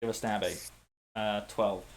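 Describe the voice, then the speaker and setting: A man narrating as game master in a tabletop game, animated and playful, with sound effects. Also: fairly low pitch, unhurried.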